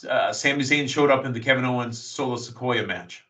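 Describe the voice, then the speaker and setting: Bright-voiced excited male podcast host. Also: mid-range voice, fairly quick, far from the mic, poor audio. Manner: excited, storytelling play-by-play. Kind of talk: casual wrestling recap chat.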